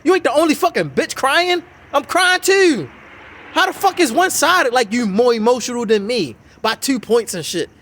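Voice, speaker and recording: A man's voice: very high voice, lively intonation, normal speed, a bit bright. A man giving a heated, swearing, mocking reaction commentary on a video. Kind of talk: profane ranting reaction commentary.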